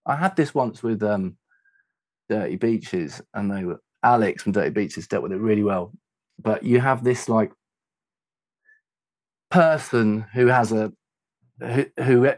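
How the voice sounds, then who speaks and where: A man's voice: fairly low pitch, no echo. A man who works as a sound engineer, telling a story in casual conversation, laughing as he talks and swearing freely. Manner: animated anecdote telling, laughs while talking, swears freely. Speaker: guest, sound engineer and tour manager.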